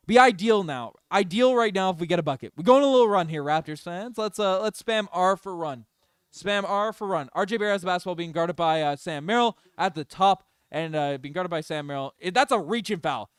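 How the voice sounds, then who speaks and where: A man streaming fan play-by-play of a basketball game, excitable and openly partisan, talking to his chat. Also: a little high, clear, resonant tone, no room sound, studio quality. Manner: excitable, biased home-team fan chatting with his chat. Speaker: streamer doing live play-by-play. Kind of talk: fan play-by-play livestream commentary.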